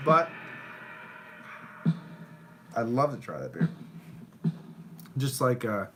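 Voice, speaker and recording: A man's voice: medium pitch, background noise. Profane rambling man reviewing beer. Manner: rambling, profane, bursts into shouting at viewers. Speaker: beer reviewer on a live stream. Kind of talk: casual live-stream beer review.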